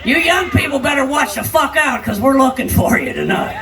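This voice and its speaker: An older woman doing raunchy live stand-up comedy, brash and crude, shouting her punchlines. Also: high-pitched, expressive, fairly quick, creaky. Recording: live stage sound, distant, crowd noise. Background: noisy party crowd.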